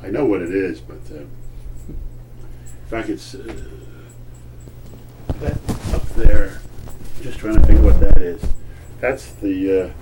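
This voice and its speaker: Elderly man telling old family stories. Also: fairly low pitch. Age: older. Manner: halting, searching for words, repeats himself. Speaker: grandfather telling family history. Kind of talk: casual storytelling at home. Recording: distant old home recording with faint hiss.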